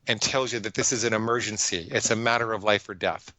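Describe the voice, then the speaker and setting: A man's voice: on the low side, fairly even intonation, quick pace, bright, forceful tone, no room sound, rough recording. A man, a psychologist guest on a podcast, telling his story in an earnest, emphatic way with frequent restarts. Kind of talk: conversational interview storytelling.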